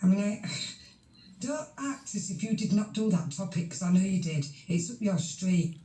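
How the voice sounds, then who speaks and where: Woman on voice chat, blunt and sweary, mellow tone, echoey room. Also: mid-range voice, animated, moderate pace, soft background music. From Yorkshire, England. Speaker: voice chat participant. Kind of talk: heated casual chat.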